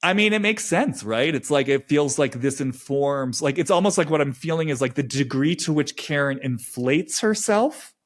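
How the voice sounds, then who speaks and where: Man musing slowly in a searching monologue. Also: on the high side, lively intonation. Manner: halting, searching, repeats phrases slowly. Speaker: podcast host. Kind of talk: reflective solo monologue.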